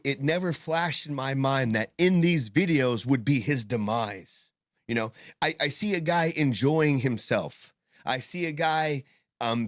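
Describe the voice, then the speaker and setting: A man's voice: mid-range voice, no echo, studio quality. A man co-hosting a casual podcast discussion, rambling and swearing with many fillers and restarts, talking with tobacco in his mouth. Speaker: podcast co-host.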